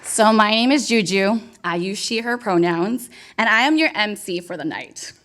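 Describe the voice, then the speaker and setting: A woman's voice: medium pitch, animated, normal speed, a bit bright. A young woman emceeing a live award ceremony, bubbly and playful as she works the crowd. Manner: bubbly, playful and hyped, talks straight to the crowd. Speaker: event MC. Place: event venue with a live audience.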